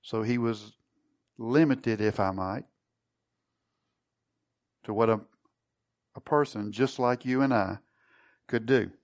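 A man's voice: on the low side, slow, long pauses, a little mellow. A man preaching a sermon, teaching and putting questions to his congregation. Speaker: pastor.

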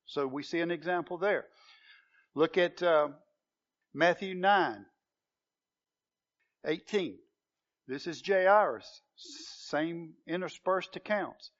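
High-voiced man preaching a sermon. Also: measured pace, pauses often. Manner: earnest, questioning, builds to emphatic proclamation. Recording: dull lo-fi sound.

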